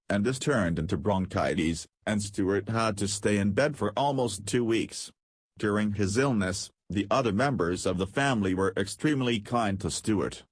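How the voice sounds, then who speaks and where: A man narrating a children's audiobook in a steady, measured reading voice with a husky tone. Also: fairly low pitch, dry recording. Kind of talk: scripted narration.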